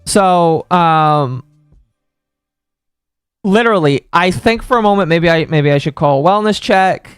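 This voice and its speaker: Guy ranting on stream, kinda high voice, stumbles over his words a lot, dry sound, music low behind. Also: expressive, unhurried, long pauses, clean tone, dry recording. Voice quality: stammering, restarts often. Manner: heated, swears freely. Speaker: stream host. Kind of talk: casual live-stream rant.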